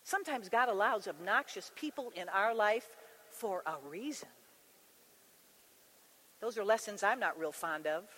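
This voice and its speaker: A woman teaching a women's Bible study, speaking in a conversational, animated way and acting out scripture scenes. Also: medium pitch, measured pace, pauses often. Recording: long reverb of a large hall.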